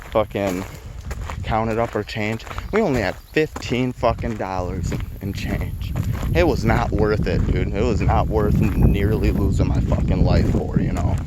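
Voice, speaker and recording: A man with a somewhat low voice tells a story in a loose, rambling way and swears in nearly every sentence. His delivery is laid-back and conversational. A clear layer of noise runs under the recording. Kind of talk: casual storytelling. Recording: noisy recording.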